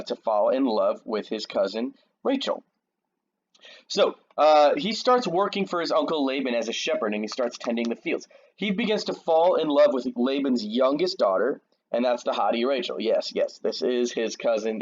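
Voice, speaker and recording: Speaking at a normal speed with lively intonation, this medium-pitched man casually recounts a Bible story for young listeners, full of slang and jokes. The audio is dull.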